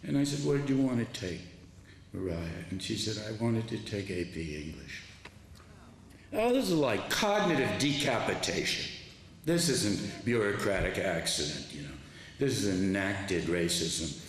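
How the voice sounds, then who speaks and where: Older male author at a lecture, low voice, lively pitch, booming hall sound. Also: a little slow. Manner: animated storyteller, quoting students, frequent restarts. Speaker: author giving a talk. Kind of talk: public lecture storytelling. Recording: echoey hall with faint noise.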